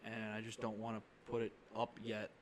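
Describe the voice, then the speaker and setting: This young podcast co-host speaks at a fairly low pitch in a monotone, keeping a moderate pace over slight background noise. His talk is a casual, rambling chat full of fillers and false starts.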